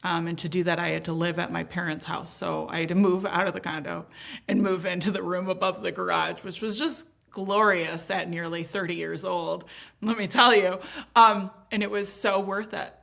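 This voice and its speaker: A woman in her thirties talks candidly as an interview guest, emphatic and animated, with a swear word here and there. Her voice is bright and clear. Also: fairly low pitch, moderate pace. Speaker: podcast guest.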